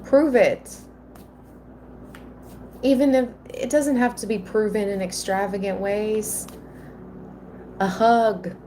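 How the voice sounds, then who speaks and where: A woman giving a live tarot reading, slow and earnest, at times emotional. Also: medium pitch, fairly even intonation, dark tone, slight background noise. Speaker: tarot reader.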